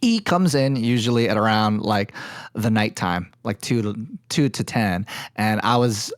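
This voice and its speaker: A young man telling stories casually on a podcast, animated and acting out the voices of others. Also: lowish voice, a little slow, no echo, clean studio sound. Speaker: podcast co-host. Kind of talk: casual storytelling.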